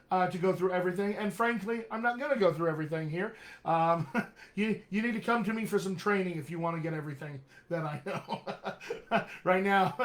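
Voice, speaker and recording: Male dialect coach on a live stream, fairly high voice, friendly and chatty. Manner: chatty, upbeat, calls viewers "my friends". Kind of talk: live-streamed teaching session.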